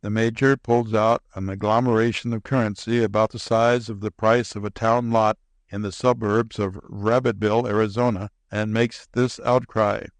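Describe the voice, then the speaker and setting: A man narrating a classic short story in a measured, unhurried reading voice. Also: fairly low pitch, little pitch movement, dry recording. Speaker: audiobook narrator.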